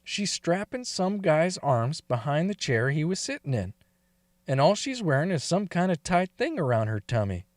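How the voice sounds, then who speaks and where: A man's voice: a little high, big pitch swings, moderate pace, dry recording. A man telling a story in a casual, crude way, swearing and laughing often between lines.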